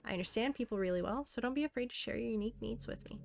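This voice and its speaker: A self-aware teenage girl from a game, read aloud by a woman, talks in an earnest, intimate way that slips into soft pleading. Her voice sits a touch high. Faint noise runs behind her. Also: racing, vocal fry. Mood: tender. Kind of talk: reading game dialogue aloud.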